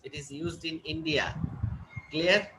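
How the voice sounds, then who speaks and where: A man's voice: a little high, fairly even intonation, takes it slowly, background noise. A man lecturing a class, often repeating points and checking that students follow. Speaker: teacher.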